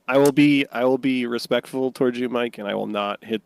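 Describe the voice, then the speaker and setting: Smooth-voiced playful podcast host, a man. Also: mid-range voice, brisk, a little mellow, dry recording. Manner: playful, hesitant fillers. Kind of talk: casual chat.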